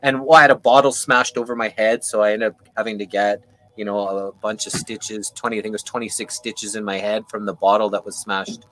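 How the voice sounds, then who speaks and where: A man casually telling a dramatic personal story on a video call, getting animated and heated as he talks and swearing now and then. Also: on the low side, a little fast, low-quality recording. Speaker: panel guest.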